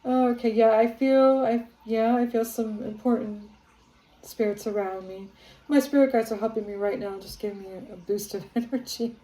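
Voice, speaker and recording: A woman psychic medium talking casually on her home vlog, rambling with many fillers and growing excited as she channels spirits. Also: fairly high pitch, moderate pace, echoey room, low-quality recording. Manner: grows excited and awed while channeling. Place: her home, near living room and kitchen.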